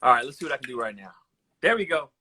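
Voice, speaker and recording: A man's voice: medium pitch, sing-song, rapid-fire, pushed and bright, slightly rough. A man talking from his office over a video call, giving upbeat greetings as a guest psychologist.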